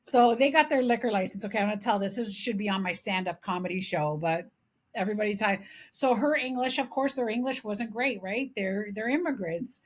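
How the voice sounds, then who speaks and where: A middle-aged woman from Canada co-hosting a podcast, telling animated stories in casual chat and swearing freely. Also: medium pitch, a little fast. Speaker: podcast co-host.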